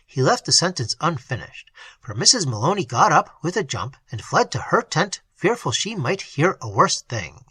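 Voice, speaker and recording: An audiobook narrator giving an expressive, dramatic reading of a classic story. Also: medium pitch, normal speed, breathy edge, no room sound.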